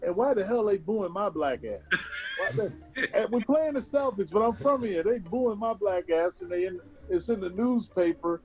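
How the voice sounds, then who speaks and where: Ex hoops player from connecticut spinning a yarn, high voice, laughing a lot, faint music under. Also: male voice, normal speed. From Connecticut, United States. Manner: laughing, animated. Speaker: former basketball player. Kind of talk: storytelling anecdote.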